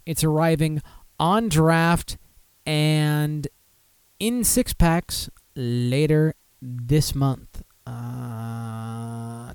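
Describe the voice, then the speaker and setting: A man hosting a casual live beer show with a slightly high voice, talking into a close, dry mic. He rambles to himself and bursts into mock-outraged rants. He moves between chatty asides and reading out listings. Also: extremely slow, clean tone, dry recording. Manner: animated, mock-outraged outbursts and rambling self-talk. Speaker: podcast host.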